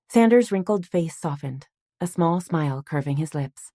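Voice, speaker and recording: A woman with a low voice reads an audiobook calmly and at an even, measured pace. The recording is close and dry, with no sound of the room. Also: dry recording. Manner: calm, measured storytelling. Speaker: audiobook narrator. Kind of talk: scripted narration.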